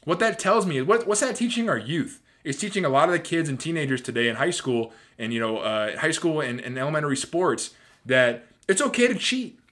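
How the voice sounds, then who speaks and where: A man in his thirties hosting a sports podcast, ranting in a casual, animated way with swearing and lots of fillers. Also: on the high side, a little fast. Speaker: podcast host.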